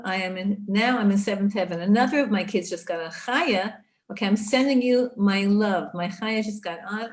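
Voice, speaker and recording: Woman Torah teacher, middle-aged, animated, talks right to her listeners, mid pitch. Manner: animated, speaks to listeners directly. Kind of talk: live online Torah class.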